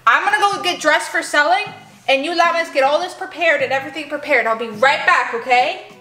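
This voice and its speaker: A young woman with a high, bright voice chats animatedly to her toys and her viewers in a playful vlog. The sound carries a roomy echo, with faint music underneath. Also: a little fast. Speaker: vlogger playing with toy llamas. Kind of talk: playful kids' vlog narration.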